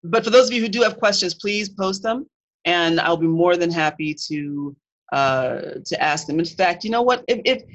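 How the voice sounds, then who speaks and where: A Kemetic faith teacher giving a live-streamed talk, earnest and digressive, often pausing to search for words. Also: medium pitch, expressive, fairly bright tone. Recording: dull lo-fi stream audio.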